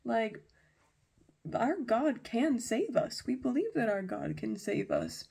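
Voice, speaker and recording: A woman voicing three young men who calmly and firmly defy a king. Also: fairly high pitch, slow pace, creaky, husky, full character voice. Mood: defiant. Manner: calm, firm, defiant.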